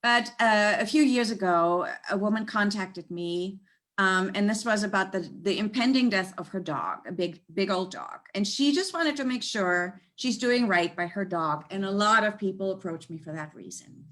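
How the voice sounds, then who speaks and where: A woman working as an animal communicator, telling stories in an animated, conversational way and laughing often. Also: medium pitch, moderate pace. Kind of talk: storytelling in a conversational interview. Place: United States.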